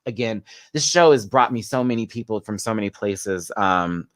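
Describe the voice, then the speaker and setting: Chatting casually as a podcast guest, this man is a lively storyteller who voices the quotes he recounts. He speaks at a normal speed in a fairly low voice, and the sound has no echo.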